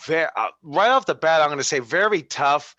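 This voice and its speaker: Wrestling coach, man, bright forceful voice, halting delivery, dry close sound. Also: fairly high pitch, expressive, dry recording, muffled recording. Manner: halting, restarts often, upbeat. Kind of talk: casual critique.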